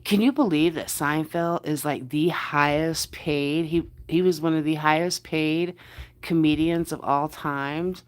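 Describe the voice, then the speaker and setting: A woman's voice: sits low, fairly even intonation, unhurried, clear, resonant tone. A woman with a New Jersey accent hosting a casual livestream from bed, chatting with viewers, greeting them by name and repeating her words. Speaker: livestream host. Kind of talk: casual live chat with viewers. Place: in bed under the covers.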